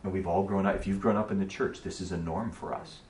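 A man pastor teaching a congregation in a relaxed, conversational sermon style, telling stories with asides to his listeners. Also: low voice, fast. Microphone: distant mic. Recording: echoey room from far off, faint noise.

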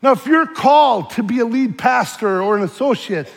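A man preaching a sermon, lively and joking, swinging between shouting and hushed earnest lines. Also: very high voice, normal speed, in a large hall.

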